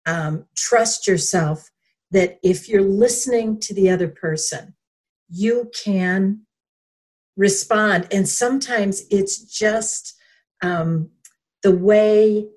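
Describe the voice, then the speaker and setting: A woman who is a guest in an interview, speaking thoughtfully with pauses and small restarts. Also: medium pitch, darkish tone. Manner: slow, thoughtful, halting with pauses. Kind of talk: reflective conversational interview.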